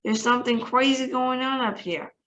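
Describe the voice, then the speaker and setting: A woman's voice: sits high, steady tone, normal speed, a bit bright, pitched above the performer's own voice, rough recording. A woman reading aloud, voicing an astonished male astronaut reporting from orbit. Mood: amazed. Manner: breathless, astonished.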